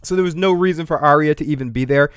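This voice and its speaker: A man hosting a casual TV recap podcast, animated and profane, laughing often and taking calls. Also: fairly high pitch, fast talker, smooth, no echo. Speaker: podcast host.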